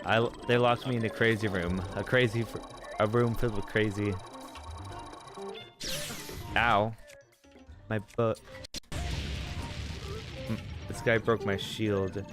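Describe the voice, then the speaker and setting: A man's voice: on the low side, fairly even intonation, slow pace, pauses often. A young man casually commenting on his gameplay with dry, joking asides. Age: young adult. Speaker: gaming channel host. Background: game music.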